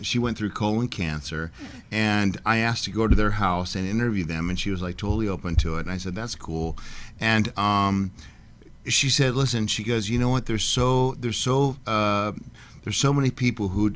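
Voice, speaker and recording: A middle-aged man chatting as a guest on a radio show, telling lively stories and acting out quotes in a raised voice. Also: fairly low pitch, moderate pace. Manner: animated storyteller, acts out quotes in a raised voice. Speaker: guest artist. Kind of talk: casual interview chat.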